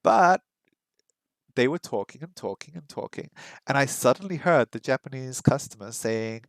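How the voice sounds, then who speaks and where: A man's voice: mid-range voice, a little slow, dry recording. Chatty man thinking aloud, dry sound. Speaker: language learner streaming his practice. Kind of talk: casual livestream chat.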